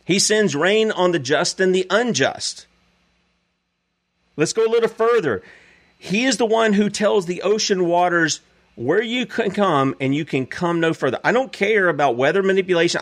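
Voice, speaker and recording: A man preaches his commentary with emphatic force. His pitch sits a little high and swings widely, rising and dropping as he drives each point home. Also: a bit bright. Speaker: show host and preacher.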